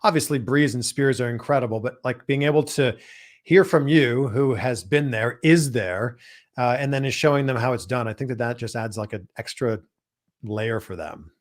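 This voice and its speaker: Male host from Canada, mid pitch, eager and chatty, restarts his sentences a lot. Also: moderate pace. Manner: enthusiastic, repeats words while finding his phrasing. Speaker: interviewer host. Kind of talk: casual interview.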